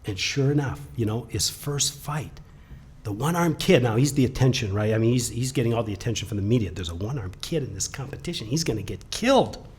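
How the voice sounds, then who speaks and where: Man, motivational storytelling, husky voice, animated, loud-to-hushed swings. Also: medium pitch, a little fast. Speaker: webcast presenter.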